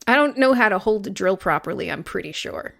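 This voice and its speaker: She's a podcast co-host from Vermont in her thirties, speaking fairly quickly with lively intonation and vocal fry at a medium pitch. The conversation is rambling and casual, with plenty of swearing and stressed words.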